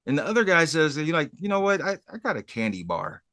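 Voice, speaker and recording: A man's voice: a little high, big pitch swings, quick pace, bright, forceful tone, no room sound, clean studio sound. A man co-hosting a podcast, casually retelling a TV episode and acting out the characters' lines. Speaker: podcast co-host. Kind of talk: casual chat recapping a TV episode.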